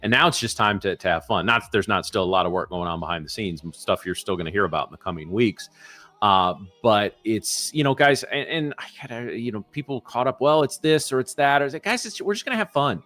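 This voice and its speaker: A man co-hosting a live trading show in loose, excitable casual chat, often repeating himself. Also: on the low side, brisk, no room sound.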